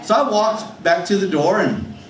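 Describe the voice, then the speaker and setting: A man's voice: sits high, lively intonation, moderate pace. A man hosting an open mic comedy night, telling a rambling, self-deprecating story from the stage with many restarts. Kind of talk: stand-up storytelling. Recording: echoey club room, distant mic, faint hum.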